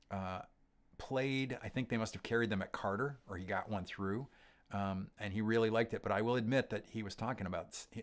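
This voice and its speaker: A middle-aged man hosting a livestream, reading out viewer comments and answering them in a relaxed, rambling way with many pauses and restarts. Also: lowish voice. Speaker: host of a gear livestream.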